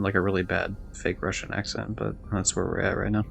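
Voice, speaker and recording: A man's voice: deep voice, level tone, fast talker, vocal fry, hardly any pauses, fairly bright tone, faint music behind. A man streaming a video game live, chatting loosely and rambling, swearing now and then. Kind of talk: casual live-stream chat while gaming.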